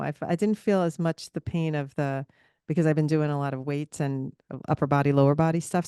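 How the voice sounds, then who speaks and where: Low-voiced woman telling stories with laughs. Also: clear, resonant tone, no echo, studio quality. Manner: animated storyteller, laughs often. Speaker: podcast co-host. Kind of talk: casual chat.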